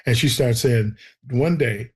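Husky man telling a personal story. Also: medium pitch, measured pace. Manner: animated storyteller acting out voices. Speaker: guest telling his testimony.

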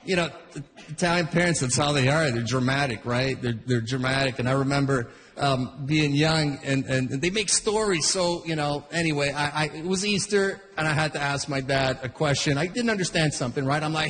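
A man's voice: on the high side, fairly quick, a bit bright, big-room sound. A man in his forties doing a rambling stand-up routine, often breaking off his own sentences. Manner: rambling, self-interrupting, chuckles between bits. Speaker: stand-up comedian.

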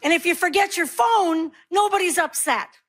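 Lady in her 60s doing standup, wry and punchy, kinda high voice. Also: moderate pace, background noise. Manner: wry, self-mocking, punchy delivery with put-on voices. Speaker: stand-up comedian. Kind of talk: stand-up comedy set.

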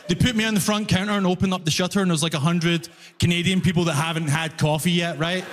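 A man doing a stand-up comedy routine, telling stories with animated energy and laughing along, English not his first language. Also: high-pitched, fast, long reverb tail. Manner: animated storyteller, breaks into laughter.

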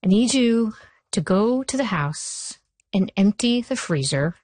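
A woman's voice: medium pitch, expressive, a little slow, darkish tone, no room sound. A woman putting on the voice of her confused, menacing elderly father in a hospital bed, stern and demanding.

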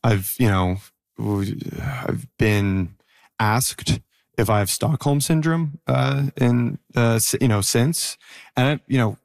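A man in his thirties, an interview guest, talking reflectively with many pauses and fillers. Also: mid-range voice, creaky, no room sound, studio quality. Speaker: interview guest, former prisoner. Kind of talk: conversational interview.

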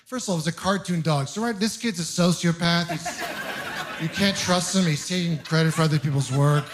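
Young male stand-up, high voice, incredulous ranting delivery into a stage mic. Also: background noise. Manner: exasperated, incredulous delivery with quick asides. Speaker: stand-up comedian. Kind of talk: stand-up comedy set.

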